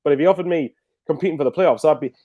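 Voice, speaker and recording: A man's voice: fairly high pitch, very fast, no room sound, lo-fi sound. A man chatting casually as a guest football fan, rambling with lots of fillers and restarts. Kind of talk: casual video call chat.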